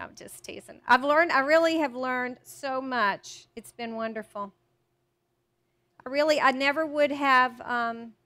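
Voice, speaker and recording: A woman's voice: a little high, bright, forceful tone. A woman giving a live cooking demonstration to an audience, chatty and self-deprecating, with frequent restarts. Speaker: cookbook author doing a cooking demo. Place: teaching kitchen with a live audience.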